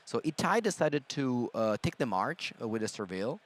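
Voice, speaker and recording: A male commentator calling a card game live, walking through each play. He explains the options analytically and pauses often to think, with an ordinary mid-range voice. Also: mid-range voice, big pitch swings. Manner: analytical, thinks aloud with fillers. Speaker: color commentator.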